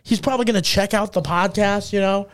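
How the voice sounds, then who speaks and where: A young man who's a stand-up comedian co-hosts a comedy podcast, speaking a little fast in a high, steady voice. He rambles through stories in casual chat, laughing often and acting out what others said, on a dry, studio-quality recording.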